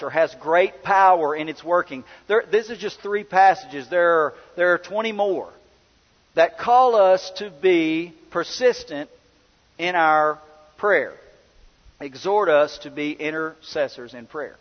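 A man's voice: fairly high pitch, unhurried. A middle-aged man, a pastor telling a personal story in a folksy, conversational sermon. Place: church. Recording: dull sound with long hall reverb.

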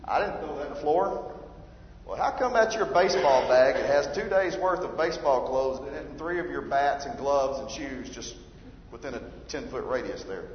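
A man's voice: medium pitch, animated, normal speed, a little hiss or hum. Preaching man in an echoey hall. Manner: emphatic preaching, rising loud on scripture. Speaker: pastor. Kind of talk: sermon. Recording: roomy hall reverb, dull lo-fi sound.

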